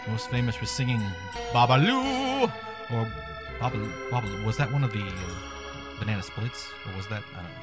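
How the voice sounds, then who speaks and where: A man's voice: lowish voice, fast talker, loud music behind the voice. A man hosting a comic show, delivering a sarcastic, rambling, irreverent monologue. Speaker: podcast host.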